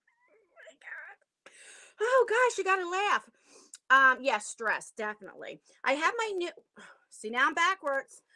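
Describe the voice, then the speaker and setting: Bright, high-voiced chatty woman. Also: no room sound, clean studio sound. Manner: chatty and rambling, many fillers, self-conscious laughs. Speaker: channel host. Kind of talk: casual livestream chat with viewers. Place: attic room at home. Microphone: tablet device.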